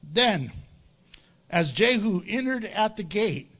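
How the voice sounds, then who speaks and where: A man delivers a sermon in a high, bright voice. His pitch leaps and drops constantly as he tells the story with humor and acted-out asides. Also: animated, a little slow. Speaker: pastor.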